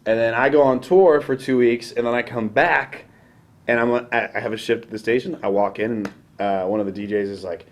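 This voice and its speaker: A man's voice: medium pitch, steady tone, fairly quick. A young man, a late-night radio DJ, casually telling a rambling, self-deprecating story and acting out the voices in it.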